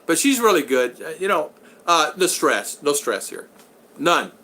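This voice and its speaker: A man's voice: fairly high pitch, sing-song, unhurried, pushed and bright. An older man from Utah, casually chatting on a livestream from his home and answering viewer comments in an upbeat, rambling way. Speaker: livestream host. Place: home in the Philippines.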